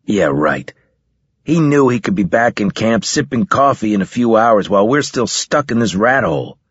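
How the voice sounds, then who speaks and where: A man's voice: medium pitch, expressive, a little fast, husky, dry recording. A man narrating an audiobook voices a brash, cynical young male recruit soldier who talks in a somewhat raised, scornful voice. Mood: scoffing. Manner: scoffing, cynical. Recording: slightly dull lo-fi recording.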